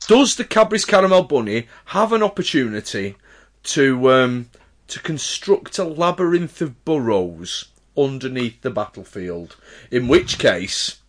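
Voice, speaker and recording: A man co-hosting a podcast, chiming in with wry, quick remarks in casual banter. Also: medium pitch, very animated. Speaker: podcast co-host.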